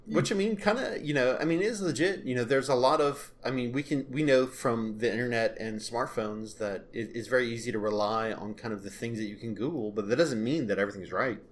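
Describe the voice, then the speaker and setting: A man's voice: mid-range voice, brisk, few pauses. A man co-hosting a casual podcast about a TV episode, laughing often and acting out lines of dialogue. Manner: laughs often, acts out quotes. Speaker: podcast co-host.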